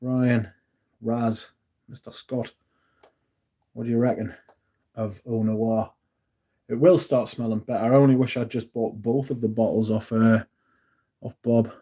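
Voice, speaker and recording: A relaxed, dark-toned English man talks loosely to his livestream chat. He rambles, trips over his words and corrects himself, then drops in a casual swear or a joke. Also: mid-range voice, a little slow, pauses often. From England. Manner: rambling, self-correcting, jokey and profane. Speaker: livestream host.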